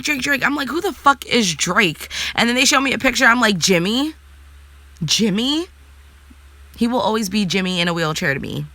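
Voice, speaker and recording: A woman's voice: medium pitch, bright, forceful tone, dry recording. Sassy woman in blunt casual chat. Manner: blunt, sassy, swears freely. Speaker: vlogger answering live chat.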